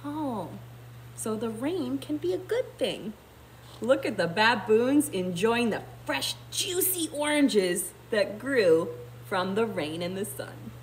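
A woman kindergarten teacher reading a picture book aloud, pausing to explain in a gentle, thinking-aloud way. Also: a little high, animated, slight background noise.

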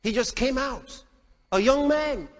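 A male pastor preaching a fiery, dramatic sermon, shouting at peaks and acting out voices. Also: extremely high pitch, lively intonation, slow. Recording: echoey hall, dull lo-fi sound.

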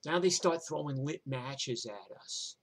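A man's voice: medium pitch, unhurried, slight background noise. An older man with a New York accent telling a rambling, profane story from his own life in a streetwise way. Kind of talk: live personal storytelling.

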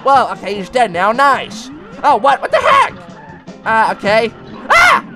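A man voicing an excitable male cat, commenting on a game, yelping and talking back to the bosses. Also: very high-pitched, measured pace, music in the background, full character voice. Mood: excited. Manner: yelps and screams, talks to the bosses. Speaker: let's play gamer.

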